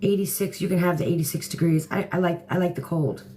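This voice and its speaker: A woman's voice: lowish voice, fast, dark tone. A woman hosting a casual live stream from home, greeting viewers by name and chatting as she reads the comments. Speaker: livestream host. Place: indoor room at home.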